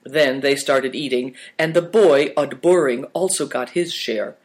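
A man reading a children's novel aloud in a measured, storytelling manner. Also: mid-range voice. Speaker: narrator. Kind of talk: audiobook narration.

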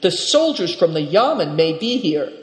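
A storyteller voices a shrewd, jovial male trader who bargains with sly courtesy, sounding sly and genial. The voice is natural and medium-pitched, sing-song, at a moderate pace. It's recorded in a reverberant, echoey room.

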